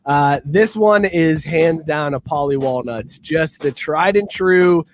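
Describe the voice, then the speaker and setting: A man's voice: a little high, slow, a little hiss or hum. A man hosting a casual podcast, rowdy and swearing as he wraps up the show. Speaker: podcast host. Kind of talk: casual chat.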